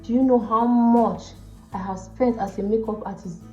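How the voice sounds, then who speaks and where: Animated Nigerian woman in a roomy space. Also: on the high side, normal speed. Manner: animated, acts out the people in her stories. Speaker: makeup artist and vlogger. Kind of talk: storytelling chat to camera. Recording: roomy, slightly dull sound with faint music behind.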